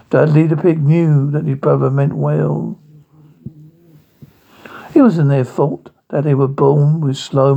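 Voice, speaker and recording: A man's voice: fairly high pitch, gravelly, dark tone, slightly rough, lo-fi sound. A man narrating a comic storybook tale in a wry, tongue-in-cheek manner.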